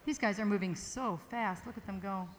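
A woman's voice: medium pitch, moderate pace. A chatty woman emcees a live dance evening, joking and rambling between introductions. Her voice carries a long hall reverb, with faint crowd ambience underneath. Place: large hall with audience. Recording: echoey hall with ambient noise.

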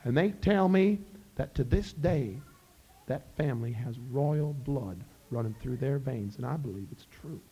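A middle-aged man with a Southern Appalachian accent, telling a folk tale to a live audience in a folksy, relaxed way. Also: medium pitch, measured pace, lo-fi sound, slight background noise. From Scott County, Virginia. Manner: folksy, relaxed, addresses listeners as friends. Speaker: storyteller and musician.

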